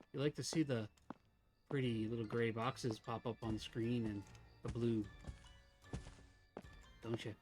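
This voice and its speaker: A man's voice: mid-range voice, fairly bright tone. A man streaming a game live, chatting casually with viewers, teasing them and laughing often.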